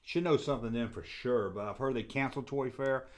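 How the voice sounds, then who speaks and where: A middle-aged Southern-accented man hosts a toy collector channel livestream, casually reading viewer comments in a rambling, jokey way and getting loudly excited. His voice is mid-range and a little fast.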